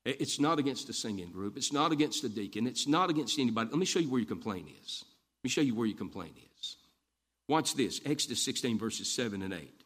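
A man's voice: mid-range voice, expressive, fairly quick, a bit bright. Preacher guy giving a folksy sermon, says things twice to drive them home. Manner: folksy storytelling, repeats lines for emphasis. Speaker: Baptist preacher.

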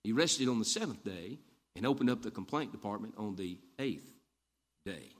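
A man's voice: fairly low pitch, expressive, normal speed. A man preaching a folksy sermon, telling stories and repeating lines for emphasis. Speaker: Baptist preacher.

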